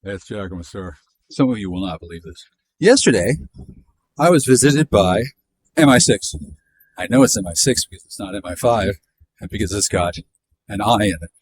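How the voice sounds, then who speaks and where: Low-voiced man in his fifties, sardonic profane vlogger on a walk, jumpy delivery. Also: lively intonation, normal speed, pauses often, slight background noise. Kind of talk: rambling monologue while walking. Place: outdoors in a neighborhood.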